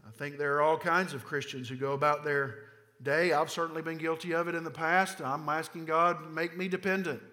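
A man's voice: fairly high pitch, little pitch movement, a little fast, sharp tone. A man with a Southern American accent preaching a sermon as pastor, emphatic and full of repetition and rhetorical questions. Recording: long reverb of a large hall.

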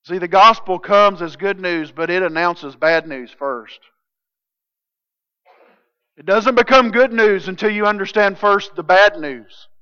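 A male pastor preaching with a high, bright, ringing voice that is smooth and clear. He drives his points home emphatically, swinging between loud declarations and hushed intensity. The sound is slightly dull and lo-fi. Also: a little slow. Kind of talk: sermon.

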